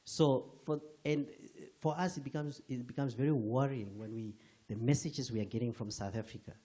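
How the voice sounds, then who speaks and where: A man's voice: mid-range voice, normal speed, warm tone. A man from Namibia speaking from the floor at a book launch, earnest and emphatic, with frequent restarts. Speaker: audience member commenting. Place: event hall with audience.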